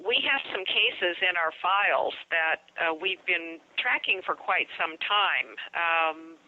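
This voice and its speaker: A woman speaking as a guest paranormal investigator, explaining in a measured way with frequent fillers. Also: lowish voice, no room sound. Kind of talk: explanatory interview answer. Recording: dry, muffled lo-fi line.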